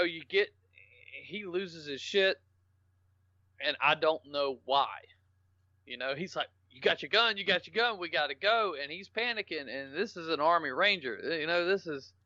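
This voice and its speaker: Guy spinning salty jokey stories, high-ish bright voice, dry dull podcast sound. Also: no echo. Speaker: guest. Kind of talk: casual storytelling interview.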